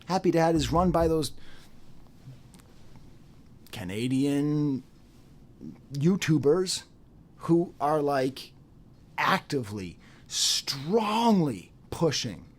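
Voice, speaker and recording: A man talking straight to the camera in an off-the-cuff commentary, his pitch rising and falling in a lively way. He repeats phrases for emphasis and slips into mocking voices when he quotes others. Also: takes it slowly, long pauses. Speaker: YouTube commentator. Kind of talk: unscripted commentary monologue.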